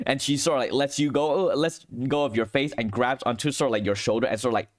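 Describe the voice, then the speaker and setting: A man's voice: mid-range voice, fast. A man narrating a tense tabletop role-play scene as game master, full of "sort of, like" hedges. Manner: vivid, hedging with "sort of, like".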